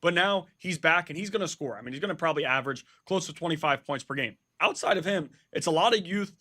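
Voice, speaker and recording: A man's voice: fairly high pitch, quick pace, pushed and bright. A man hosting a sports betting show, laying out a pick with stats in an earnest, insistent way and repeating himself for emphasis.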